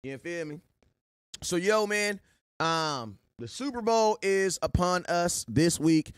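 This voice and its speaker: Animated man giving shout-outs to viewers. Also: high-pitched, takes it slowly, clear, resonant tone, no echo, studio quality. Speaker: sports show host. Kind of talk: live-stream chat.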